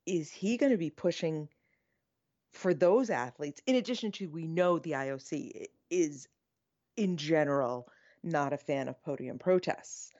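A woman co-hosting a podcast in casual chat, animated and self-deprecating. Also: sits low, muffled recording. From United States. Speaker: podcast co-host.

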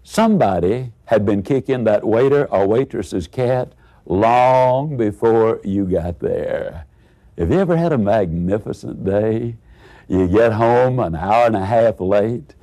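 A man's voice: on the low side, a little slow. A man giving a motivational speech, telling stories, acting out the characters and asking the audience rhetorical questions. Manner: animated storyteller who acts out characters. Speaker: motivational speaker.

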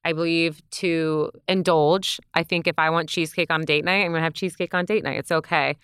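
A woman's voice: low-pitched, fairly even intonation, a little fast, fairly bright tone, clear, resonant tone, no room sound, studio quality. A woman guest on a podcast, a mom talking in an emphatic, motivational way and acting out what others say. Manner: emphatic, motivational, acts out quoted voices. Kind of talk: casual chat.

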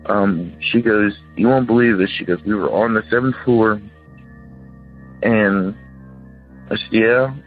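Over a tinny phone line with faint music in the background, a caller in his thirties wanders through a ghost story in casual phone-in style, voicing the people he quotes. He speaks in a lowish, slightly rough, steady voice at a measured pace, pausing often.

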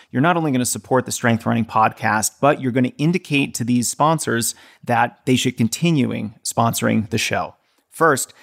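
A man's voice: mid-range voice, creaky. A man hosting a running podcast, talking in an enthusiastic, friendly way with some filler words. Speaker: podcast host. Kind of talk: casual podcast interview.

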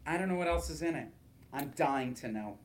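A man's voice: on the high side, expressive, fairly quick. A man co-hosting a casual podcast, chatty and full of playful follow-up questions. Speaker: podcast co-host. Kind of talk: casual chat.

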